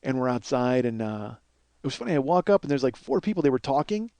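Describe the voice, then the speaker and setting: A man hosting a comedy podcast, telling a rambling story in an animated way, swearing and laughing often. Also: mid-range voice, fast, dry recording. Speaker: podcast host.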